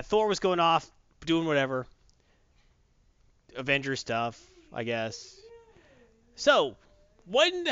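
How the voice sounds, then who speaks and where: A man retells a film's plot in a lively, casual way, his voice rising and falling a lot. His voice sits a bit high for a man. The recording is dry and somewhat muffled. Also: clear, resonant tone, no room sound. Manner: animated storytelling with acted quotes. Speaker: movie reviewer. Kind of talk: casual chat.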